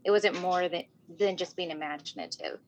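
A woman telling a personal story in casual talk, animated and often saying "like". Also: fairly low pitch, brisk, dull audio, slight background noise. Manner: animated, acts out voices in quotes, fills with "like".

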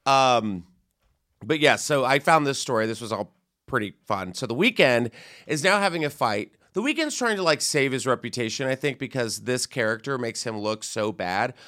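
Animated, bright-voiced man mocking celebrity gossip. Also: medium pitch, moderate pace. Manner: animated, mocking, does squealing voices when quoting people. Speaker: podcast co-host. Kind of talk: casual comedic chat.

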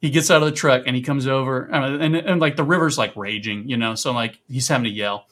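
A man in his thirties or forties, a podcast guest telling a camping story in a casual, animated way and loudly acting out the voices he quotes. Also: medium pitch, fast talker.

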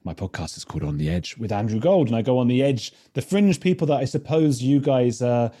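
A man in his thirties from England with an English accent, a journalist guest chatting casually, laughing and self-deprecating in a halting way. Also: mid-range voice, animated, dark tone, slightly rough. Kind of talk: casual interview chat.

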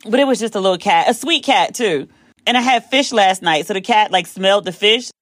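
An American woman hosts a podcast and tells a rambling, animated story straight to the mic. She swears freely and slips into other people's voices when she quotes them. The sound is dry and close, with no room around her. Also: sits high, brisk, dry recording. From United States. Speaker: podcast host. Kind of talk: casual storytelling monologue.

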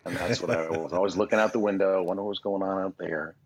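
A man's voice: low voice, steady tone, quick pace, breathy edge. A man in his sixties from Canada, a voice actor and guest on a podcast, telling rambling, self-deprecating stories about his past. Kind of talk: casual podcast interview. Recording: dull lo-fi recording.

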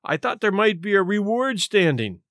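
A man voicing a quiet, wry, shabby gentleman. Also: high-pitched, sing-song, normal speed, dry recording, clean studio sound, exaggerated voice.

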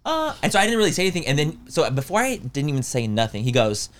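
Young guy cohost rattling off a story fast, doing voices for everybody, super animated. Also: medium pitch, a little hiss or hum. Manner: animated, quoting others in lively voices. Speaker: podcast co-host. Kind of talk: casual storytelling chat.

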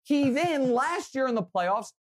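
A young man co-hosting a sports podcast, telling stories and giving strong opinions in an animated way. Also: very high voice, measured pace, no room sound, clean studio sound. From Kansas City, US. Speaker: podcast co-host. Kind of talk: casual sports talk.

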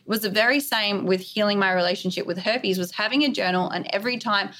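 A woman's voice: mid-range voice, quick pace, a bit bright. A woman speaking as a podcast guest, talking earnestly and emphatically in a candid interview, often laying out points as lists. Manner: earnest, emphatic, list-like delivery.

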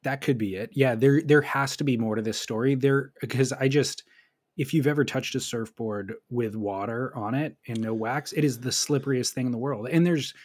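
A man co-hosting a podcast in casual chat, skeptical and dry, quick to agree and laugh. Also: mid-range voice, no echo. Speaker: podcast co-host.

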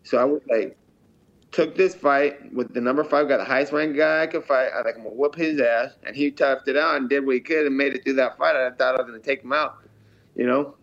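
A brash professional fighter talks in a loose, rambling interview, swearing constantly and sounding cocky. His voice sits at an ordinary pitch for a man. The recording is a little dull and lo-fi. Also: fairly even intonation, brisk, fairly bright tone. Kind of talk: casual interview talk.

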